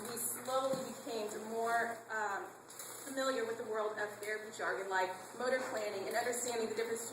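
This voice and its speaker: A woman in her thirties giving a heartfelt personal testimony to an audience, speaking directly to them in a conversational way. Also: on the high side. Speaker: parent speaking at a charity kickoff. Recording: echoey hall, background noise.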